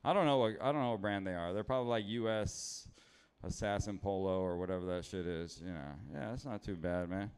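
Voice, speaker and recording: A man's voice: sits low, a little fast, a little mellow, clear, resonant tone. A man in his thirties from Los Angeles doing stand-up comedy on a club stage, rambling, swearing and poking fun at himself while working the crowd. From Los Angeles, USA. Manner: rambling, profane, self-deprecating.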